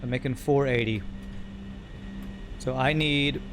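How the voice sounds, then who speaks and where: A man's voice: medium pitch, steady tone, takes it slowly, over music. A man streaming a building game, thinking aloud and correcting himself as he works through numbers. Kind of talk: live gameplay commentary.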